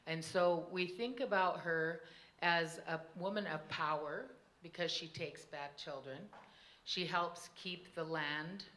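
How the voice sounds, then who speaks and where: A woman telling a traditional story to an audience, animated and quick to laugh. Her voice sits low yet sounds bright and clear, with the easy rhythm of oral storytelling. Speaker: tribal storyteller on a panel.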